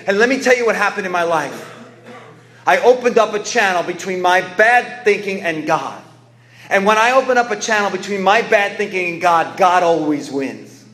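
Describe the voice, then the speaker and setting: A man's voice: sits high, lively intonation, normal speed, a bit bright. Earnest man giving testimony in an echoey room. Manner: earnest, conversational, with restarts. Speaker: recovery meeting speaker. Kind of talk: personal testimony talk.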